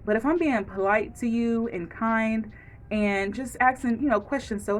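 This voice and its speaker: A woman's voice: on the high side, moderate pace. A woman ranting frankly to camera in a casual vlog, acting out quoted lines as she goes. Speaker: vlogger.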